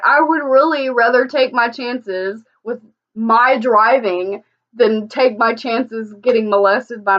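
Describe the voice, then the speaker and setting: A woman's voice: a little high, lo-fi sound. A woman giving casual reaction commentary in a blunt, heated, profane way, often restarting her sentences. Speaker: vlogger reacting to a video.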